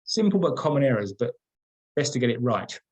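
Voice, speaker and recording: A man's voice: mid-range voice, big pitch swings, brisk, darkish tone, rough recording. A middle-aged man leading an online training workshop, talking conversationally, repeating words and stressing key points. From England.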